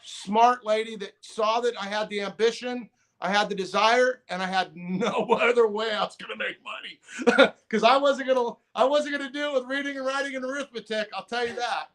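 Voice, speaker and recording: A man's voice: extremely high pitch, moderate pace. A middle-aged man telling a long story as a podcast guest, rambling with restarts and acting out other people's lines. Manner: rambling, restarts, quotes others in lively voices. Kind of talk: casual storytelling.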